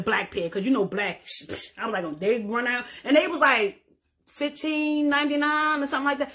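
A middle-aged woman, chatting to her viewers in a loud, animated, profane way and laughing often. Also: sits high. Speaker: social media creator. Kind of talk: casual live-stream chat.

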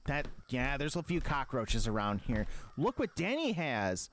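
A man's voice: mid-range voice, big pitch swings, a little slow, few pauses, a bit bright. A man, a gaming streamer, doing comic role-play as a dad, talking in a mock-parental, scolding, sing-song way.

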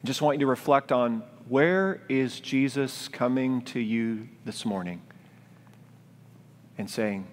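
Gentle pastor with hall reverb. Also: male voice, mid-range voice, slow, slight background noise. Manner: gentle, reflective, pleading. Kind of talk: sermon. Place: church sanctuary, live-streamed. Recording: long church-hall reverb.

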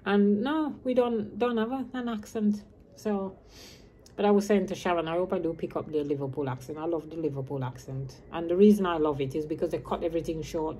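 Deep and warm, this woman's voice carries a relaxed, wandering chat to camera. She's a vlogger in her fifties raised in Birmingham, England, who drops her H's, and a little background noise is present.

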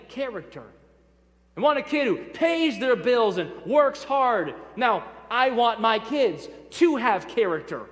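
A man with a high, bright-pitched voice preaches a sermon to his congregation. He speaks emphatically, hammering home key phrases through repetition and dropping in light asides to the crowd. His voice rings out with a long reverb through a church sanctuary. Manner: addresses congregation directly, light humor. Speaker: pastor.

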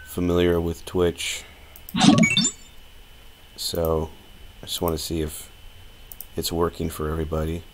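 A low-pitched man chats his way through a live stream, rambling and thinking aloud as he works. His delivery is relaxed and full of fillers. A faint hum of room noise sits behind him. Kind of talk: casual live-stream tutorial.

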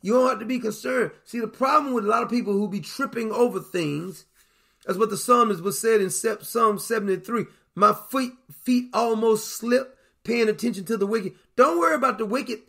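A man preaching a sermon, retelling scripture in lively everyday speech and acting out the people in it. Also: sits high, moderate pace, vocal fry. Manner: folksy, dramatizing scripture in vernacular voices.

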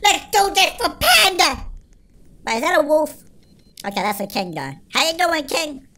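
A performer voicing an excitable cartoon chipmunk in a sped-up chipmunk filter, giving panicky, shrieky game commentary as the channel host. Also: high-pitched, normal speed, full character voice. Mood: frantic. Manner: shrieky, panicky, constantly shouting to friends. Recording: noisy game sounds behind.

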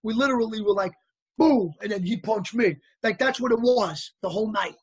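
Man, husky voice, animated storytelling, acts out quotes, dry close sound. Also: high voice, brisk, no echo. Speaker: actor guest. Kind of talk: casual storytelling interview.

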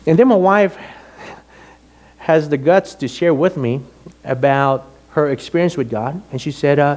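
A middle-aged man, a pastor, telling a personal story in a sermon with animated, emotional delivery. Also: a little high, a little slow.

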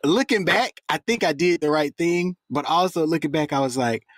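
A man, an actor guest, telling stories in a casual interview in a slangy, animated way and acting out the people he quotes. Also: on the high side, moderate pace, no echo.

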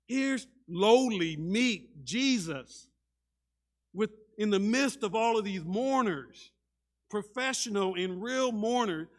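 A man preaching a sermon as a pastor, dramatic, shifting between loud and hushed delivery and often repeating words as he starts a sentence. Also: sits high. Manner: dramatic, acts out quoted voices, swings between loud and hushed.

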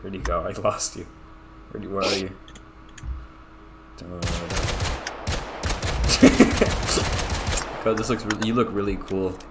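A man's voice: sits low, extremely slow, long pauses, very noisy. A young man playing a video game with friends, joking, teasing and laughing a lot, with music behind him. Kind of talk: casual game chat. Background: background music.

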